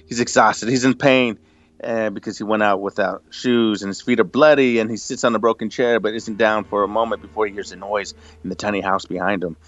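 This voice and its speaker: A man hosting a casual podcast, summarizing a TV episode in a relaxed way with frequent laughs. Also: lowish voice, brisk, no echo, muffled recording. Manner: relaxed, laughs often, many fillers. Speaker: podcast host. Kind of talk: casual recap chat.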